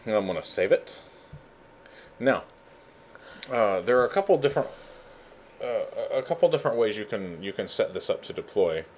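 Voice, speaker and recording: A man running a casual screen-share software tutorial, goofy and rambling with lots of fillers. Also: lowish voice, very animated, normal speed, pauses often. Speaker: instructor.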